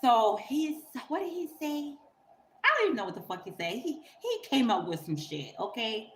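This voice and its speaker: Blunt, animated woman telling a story. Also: on the high side, normal speed, a little hiss or hum. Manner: blunt and profane, emphatic; animated, laughs through her story. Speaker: YouTuber. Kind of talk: casual storytelling monologue.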